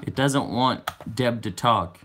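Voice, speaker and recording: A man's voice: mid-range voice, takes it slowly, a bit bright, a little hiss or hum. A man in his twenties hosting a casual livestream, chatting and answering viewer comments aloud. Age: 20s. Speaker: livestream host.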